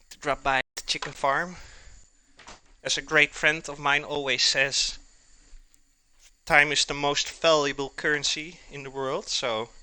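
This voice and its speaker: A man's voice: a little high, sharp tone. A man hosting a live cooking stream, chatting casually and calling his viewers "guys" as he cooks.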